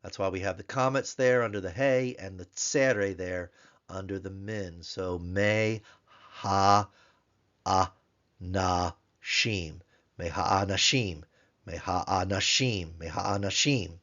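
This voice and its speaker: A man teaching a grammar lesson in a recorded tutorial, explaining slowly and repeating words so learners can pronounce them. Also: deep voice, fairly bright tone, lo-fi sound. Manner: slow, careful, repeats Hebrew words to drill pronunciation.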